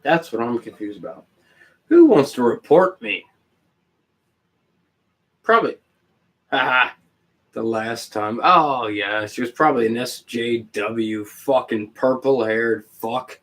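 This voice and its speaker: Streamer, male, slow unhurried delivery, rambling profane rants at chat. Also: mid-range voice, lively intonation, fairly bright tone. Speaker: livestreamer. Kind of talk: casual livestream chat.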